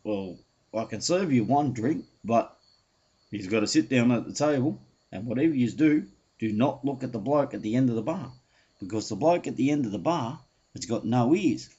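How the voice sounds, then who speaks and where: Menacing aussie ex-con growl, guy putting it on, husky, muffled lo-fi recording. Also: medium pitch, expressive, moderate pace, mellow, voice pushed down. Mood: warning. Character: gruff earless ex-con man at the bar. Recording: dull lo-fi home recording.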